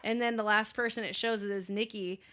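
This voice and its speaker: A young woman co-hosting a podcast, casually retelling horror movie scenes in an animated way, laughing as she goes. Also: medium pitch, a little fast, dry recording. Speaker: podcast co-host. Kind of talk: casual chat recapping a movie.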